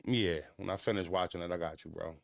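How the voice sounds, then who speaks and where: A man hosting a casual podcast, ranting bluntly with profanity, jumping into animated voices and stuttering restarts. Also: deep voice, quick pace, vocal fry, no echo. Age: adult. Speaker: podcast host.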